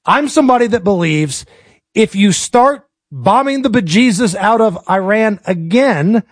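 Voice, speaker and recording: A man's voice: sits high, no echo, studio quality. An American man hosting a casual political talk show, blunt, opinionated and jokey as he puts questions to his guest. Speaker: show host.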